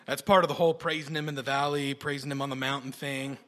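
A man preaching a sermon, telling personal stories in a folksy, animated way with sudden loud bursts. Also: medium pitch, fast talker.

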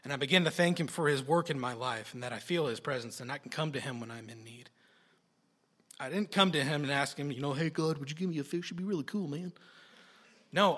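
A man preaching a sermon, telling personal stories in a folksy, animated way with sudden loud bursts. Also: fairly high pitch.

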